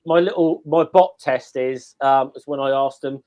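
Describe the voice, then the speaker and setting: A man's voice: medium pitch, normal speed, darkish tone. A man co-hosting a casual podcast chat, telling rambling anecdotes and repeating words as he gathers his thoughts. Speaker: podcast co-host.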